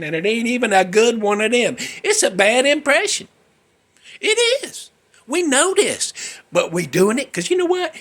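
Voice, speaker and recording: A man's voice: sits high, fairly bright tone. A man hosting a casual music talk show, rambling, mocking himself and losing his place. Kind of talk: casual chat.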